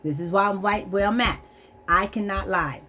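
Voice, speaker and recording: A woman's voice: mid-range voice, moderate pace, pushed and bright, slight background noise. A middle-aged woman telling a candid, earnest personal testimony about her struggles, repeating herself and holding back tears. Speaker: vlogger.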